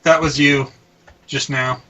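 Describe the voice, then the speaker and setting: A man co-hosting a casual podcast, reading out a listener's email with halting restarts and frequent laughs. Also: medium pitch, fairly even intonation, bright, forceful tone, distant mic, low-quality recording. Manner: halting, laughs often, stumbles over words.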